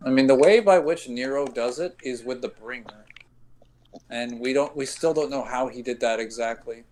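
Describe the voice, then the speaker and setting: A man's voice: mid-range voice, normal speed, a little mellow, a little hiss or hum. A man hosting a casual chat, reading viewer comments and thinking aloud through game lore with lots of fillers.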